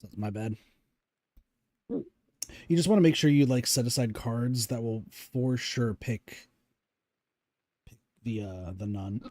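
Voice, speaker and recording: A man with a warm, mellow voice talks a co-player through a game, hiccuping as he goes. He pauses often and fills gaps with "um" and "like." The sound is dry and close. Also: mid-range voice, no echo. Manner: halting coaching with many fillers. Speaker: streamer guiding a co-player. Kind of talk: casual gaming chat.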